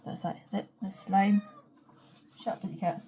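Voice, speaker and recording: A woman's voice: medium pitch, steady tone, moderate pace, mellow, husky. A woman chatting frankly at home in her kitchen, rambling and swearing and often dropping to a whisper. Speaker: vlogger. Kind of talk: rambling casual vlog chat.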